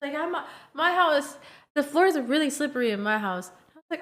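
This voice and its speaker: A woman streamer telling a casual story to her chat, animated and blunt, swearing freely and laughing often. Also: high voice, fairly quick. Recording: roomy echo.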